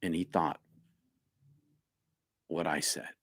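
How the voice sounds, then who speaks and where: A man leading a casual spiritual live stream, reading viewer comments and musing in a rambling, halting, reflective way. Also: extremely low pitch, little pitch movement, no echo, studio quality.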